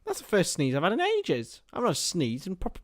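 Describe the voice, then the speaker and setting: A man's voice: high-pitched, wildly swooping pitch, fast, dry recording, studio quality. Chatty man doing casual football commentary. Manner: chatty, laughs often, greets viewers by name. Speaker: live stream host and commentator. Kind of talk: casual match commentary and chat with viewers.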